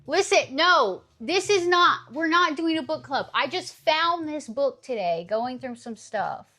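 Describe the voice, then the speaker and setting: A woman's voice: high-pitched, lively intonation, unhurried, pushed and bright. A woman in her thirties streaming live, chatting casually and teasing her chat, swearing freely.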